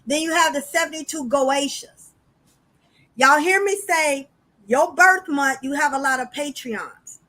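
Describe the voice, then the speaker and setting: A woman hosting a casual spiritual podcast, animated and chatty, talking straight to her listeners. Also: sits high, measured pace. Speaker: podcast host.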